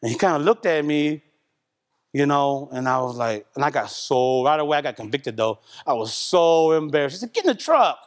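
A middle-aged man from Oklahoma preaching a sermon, telling stories in a casual, animated way that swings from loud to hushed. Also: medium pitch, normal speed, big-room sound. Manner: animated, colloquial storytelling with shifts between loud and hushed. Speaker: pastor. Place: church sanctuary.

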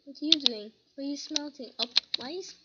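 A woman's voice: high-pitched, brisk, very noisy. A woman giving casual gameplay commentary, humming little sing-song tunes as she plays. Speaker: gamer. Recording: lo-fi with loud keyboard typing.

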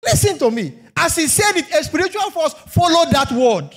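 A man preaching in a strikingly high voice that swings widely in pitch. He hammers his points with rhetorical questions and repeated phrases. The delivery is emphatic sermon preaching. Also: sing-song, unhurried, fairly bright tone.

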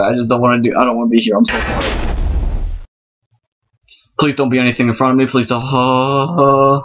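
A man's voice: mid-range voice, normal speed, pauses often. A man giving nervous let's-play commentary on a horror game at home at night, rambling, apologizing and repeating himself. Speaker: gamer playing a horror game. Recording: dull lo-fi recording over game music. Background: game music.

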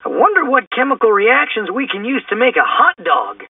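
A man's voice: extremely high pitch, sing-song, moderate pace, breathy edge, no room sound, voice pushed up, heavily acted. A man reading a storybook aloud and voicing a jumpy, always-hungry teenage boy who squeals when scared. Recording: distant, tinny phone-like sound.

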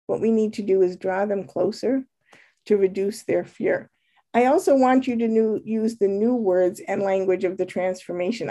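A woman's voice: mid-range voice, mellow. A woman coaching on leadership in an earnest, emphatic way, with light laughs between her points. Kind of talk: spoken lesson on kind leadership.

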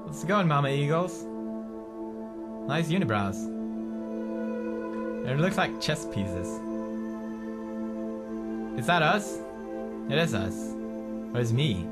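A man commentating a game playthrough, excitable and swearing often as he talks to his companion. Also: medium pitch. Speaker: gaming video host. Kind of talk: let's play commentary. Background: game music.

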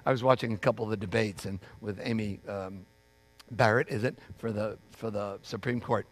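A man's voice: fairly low pitch, expressive, normal speed, no echo. A man preaching a sermon as pastor, in a conversational way, acting out the voices of people he quotes.

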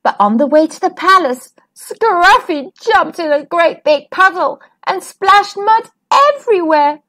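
Slow, lively woman reading a children's story. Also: very high-pitched. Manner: gentle, expressive, storybook. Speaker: storyteller, channel host. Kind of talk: children's read-aloud narration.

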